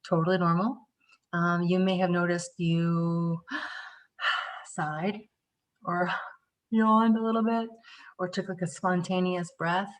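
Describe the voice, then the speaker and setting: A woman from the Northeastern US teaching a live online tapping workshop, chatty and animated, acting out little scenes as she explains. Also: fairly low pitch, slow, pauses often.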